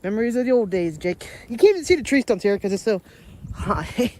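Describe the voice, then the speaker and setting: A chatty woman talks into a handheld camera as she trudges through a snowstorm. Her voice sits at an ordinary middle pitch, broken up by frequent laughs, with faint outdoor noise behind her. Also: lively intonation, a little fast, a little mellow. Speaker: daily vlogger. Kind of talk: casual vlog chat while walking outdoors. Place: outdoors in deep snow during a snowstorm.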